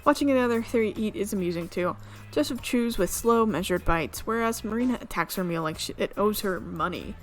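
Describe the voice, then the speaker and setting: A woman streamer reading a visual novel aloud, amused and quick to laugh. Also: medium pitch. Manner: amused, reads with frequent laughs.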